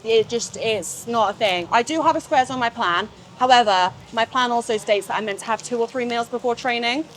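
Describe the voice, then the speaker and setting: A woman's voice: fairly high pitch, fairly quick, a little hiss or hum. Chatty young English woman vlogging. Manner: chatty, swears casually, rambling asides. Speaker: fitness vlogger. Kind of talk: casual vlog chat to camera. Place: gym.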